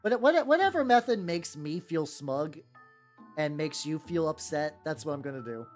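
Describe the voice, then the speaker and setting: Rambling low-voiced woman streamer, lively pitch. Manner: rambling, swears casually, quick pitch jumps when quoting people. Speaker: vtuber host painting miniatures. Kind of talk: casual live-stream chat. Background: soft background music.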